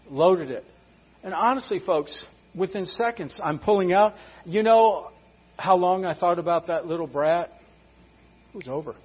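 Husky high-voiced folksy preacher man. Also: lo-fi sound. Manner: folksy storytelling, addresses the congregation directly. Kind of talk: sermon.

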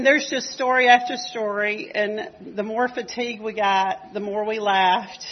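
The recording is muffled, and the woman speaking has a medium pitch and a moderate pace with few pauses. Her Southern Georgia accent carries an emotional, rambling church-service testimony about a mission trip, loaded with fillers.

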